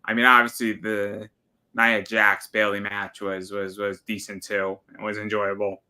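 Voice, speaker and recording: A man's voice: fairly low pitch, completely flat delivery, a little slow, pushed and bright. A man co-hosting a casual chat, laying out his reasoning in an easygoing, analytical way. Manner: analytical, laid-back, agreeable. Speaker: podcast co-host.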